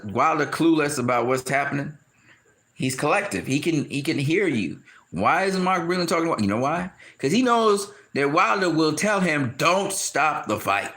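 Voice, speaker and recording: Animated man ranting about a fight. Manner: animated, laughing, acts out quotes in high shouts. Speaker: boxing commentator. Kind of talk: casual opinion rant.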